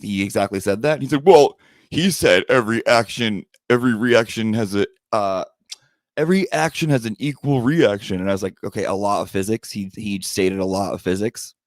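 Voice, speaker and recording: A man's voice: lowish voice, no echo. A man hosting a podcast, telling a story of a quarrel in a sassy, profane, dramatic way and acting out both sides. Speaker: podcast host.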